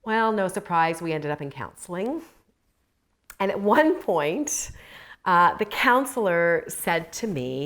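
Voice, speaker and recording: A woman teaching a Christian course for women. She talks the material through and tells stories from her own life with animated energy, laughing at herself along the way. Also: on the low side, takes it slowly. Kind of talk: teaching talk with personal stories.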